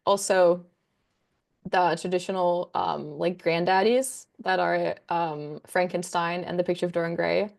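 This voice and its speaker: A woman's voice: on the low side, steady tone, a little slow, gravelly. A young woman, a book content creator, chatting as a guest in a casual interview, rambling enthusiastically with lots of fillers.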